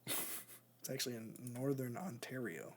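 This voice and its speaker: A man's voice: medium pitch, lively intonation, measured pace, slightly rough. A man co-hosting a podcast, rambling and joking in casual chat. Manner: rambling, joking, laughs often. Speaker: podcast co-host.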